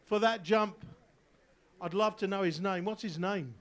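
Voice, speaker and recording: Joking English announcer with a high voice. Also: male voice, a little slow, fairly bright tone. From England. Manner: joking, teasing the crowd. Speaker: event announcer. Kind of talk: live sports commentary over a PA. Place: outdoor water ski event.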